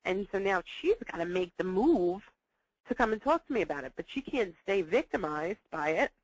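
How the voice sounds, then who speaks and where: A woman's voice: lowish voice, normal speed, no room sound, low-quality recording. Dry-sounding woman teaching parents. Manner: acts out dialogues in lively voices; repeats key points for emphasis. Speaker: parenting behavior educator. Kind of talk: recorded teaching talk.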